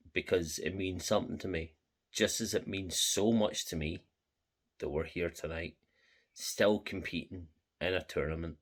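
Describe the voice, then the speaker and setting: A young Scottish man from Scotland, talking as a football fan vlogger, emotional and heartfelt, repeating his thanks. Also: low voice. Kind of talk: passionate fan reaction vlog.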